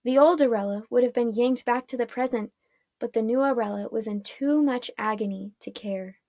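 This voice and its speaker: A teacher reading a children's chapter book aloud in a calm, clear storytelling manner. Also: female voice, fairly high pitch, moderate pace, no room sound, studio quality.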